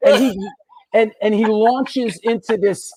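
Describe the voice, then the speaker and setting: A man's voice: high-pitched, unhurried. A middle-aged man hosting a casual chat show, swapping anecdotes in a chatty way. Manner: chatty anecdote teller, lively. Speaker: host.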